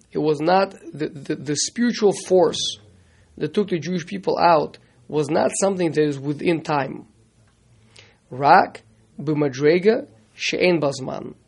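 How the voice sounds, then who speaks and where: Torah teacher, man, gravelly and slightly high voice, halting delivery with Hebrew phrases. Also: a little mellow. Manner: halting, repeats words, mixes in Hebrew terms. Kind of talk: classroom Torah lesson.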